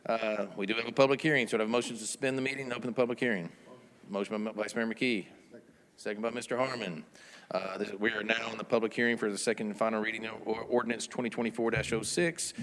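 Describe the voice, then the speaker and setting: Brisk man chairing a town meeting. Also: lowish voice, fairly even intonation, a bit bright, long reverb tail. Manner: brisk, rattles through motions like an auctioneer. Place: town board meeting room.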